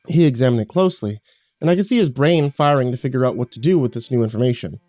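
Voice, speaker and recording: A man narrating a horror story in a measured, grave way. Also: medium pitch, lively intonation, dark tone, no room sound. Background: faint music.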